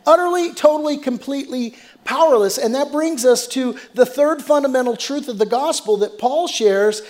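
A man's voice: very high voice, a little mellow. A middle-aged male pastor preaching a sermon, mixing scripture with humorous personal stories and emphatic repetition.

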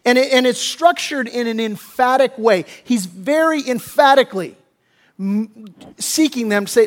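A man with a high voice delivers a sermon from the pulpit, pressing his points hard and often restarting mid-phrase. He swings from loud emphasis down to a hushed near-whisper in tender moments. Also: unhurried. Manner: emphatic preaching with many restarts, voicing biblical figures in quotes. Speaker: pastor.

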